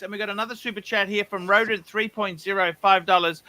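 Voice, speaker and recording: Man, stream host, laid-back, reading messages, very bright, smooth. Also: high voice, fairly even intonation, fast talker, hardly any pauses. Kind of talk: live-stream chat, reading viewer messages.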